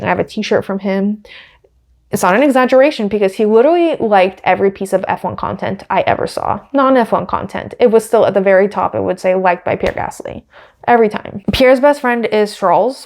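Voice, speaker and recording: A young woman hosts a podcast, offering casual, chatty commentary that's gushing, opinionated and full of fillers. Her voice is medium in pitch with a darkish tone.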